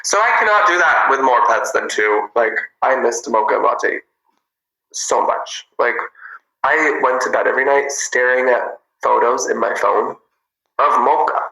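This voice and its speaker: Man, livestream host, casual chat, bubbly, giggly, gravelly, roomy sound. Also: medium pitch, measured pace, bright, forceful tone.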